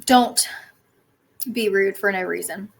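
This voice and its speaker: A woman's voice: mid-range voice, slow pace, vocal fry, slightly rough. A woman, co-hosting a podcast in a chatty, opinionated way. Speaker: podcast co-host. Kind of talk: casual chat.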